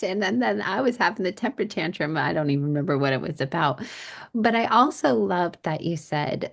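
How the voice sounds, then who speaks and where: Middle-aged female host, slightly low pitch, chatty storyteller in casual interview. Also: gravelly. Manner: warm storytelling about her own parenting, chatty. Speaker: podcast host.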